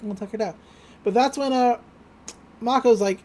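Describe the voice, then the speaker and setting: A woman's voice: a little high, moderate pace, long pauses, a little mellow. A young woman co-hosting a podcast, chatting casually and rambling through an episode recap. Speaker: podcast co-host.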